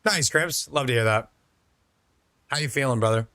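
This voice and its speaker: A man's voice: mid-range voice, moderate pace, sharp tone, no echo. A young man streaming a game, chatting casually with his viewers and answering their messages. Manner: chatty, reads out and answers chat, laid-back. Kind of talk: casual chat with viewers while gaming.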